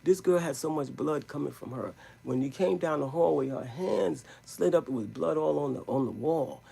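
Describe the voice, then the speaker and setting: Gravelly man telling a rambling story. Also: a little high, moderate pace, warm tone. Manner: rambling, emphatic street-slang storytelling. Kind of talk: live storytelling stream.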